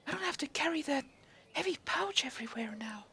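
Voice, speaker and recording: A man squeaking as a tiny carefree creature girl. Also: expressive, a little fast, creaky, sharp tone, a little hiss or hum, heavily acted. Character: small carefree female creature riding on shoulders. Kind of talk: tabletop role-play voice.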